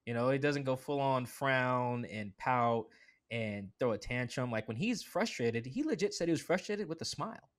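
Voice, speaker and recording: Chatty man, animated podcast guest. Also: medium pitch. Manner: animated, quick asides, acts out quoted voices; conversational with frequent "like" fillers. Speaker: sports beat writer as podcast guest. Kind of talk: casual podcast chat.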